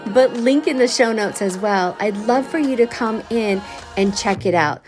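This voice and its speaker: A woman's voice: fairly high pitch, unhurried, soft background music. A woman hosting a casual podcast, chatty and rambling, with many fillers and restarts and easy laughs. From United States. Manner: laughs easily. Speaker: podcast host. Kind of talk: casual solo podcast chat.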